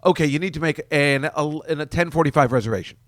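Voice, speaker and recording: A man voicing a brisk male restaurant clerk answering the phone, asking quick businesslike questions. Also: fairly high pitch, no room sound, clean studio sound, pitched above the performer's own voice, natural voice.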